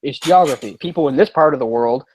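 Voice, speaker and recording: A man's voice: medium pitch, fast, darkish tone, a little hiss or hum. A man co-hosting a casual movie discussion podcast, explaining at length with many fillers and restarts. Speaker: podcast co-host.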